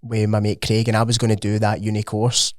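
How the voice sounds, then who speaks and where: A man's voice: fairly low pitch, monotone, fairly quick, no echo, studio quality. Casual, sweary Scottish man. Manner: rambling, sweary, lots of "like" fillers. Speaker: podcast guest, gym owner. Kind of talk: casual chat.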